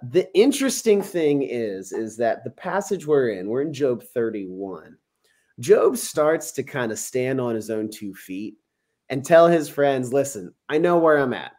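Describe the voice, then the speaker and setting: Chatty man explaining scripture. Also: mid-range voice. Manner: conversational, animated, acts out quotes with a chuckle. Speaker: podcast co-host discussing scripture. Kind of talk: casual Bible discussion.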